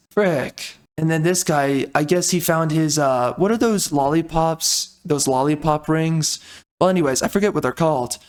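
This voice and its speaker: A man giving a comedic trailer reaction, ranting in an exasperated, indignant way with mild swearing. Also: on the high side. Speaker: video reactor.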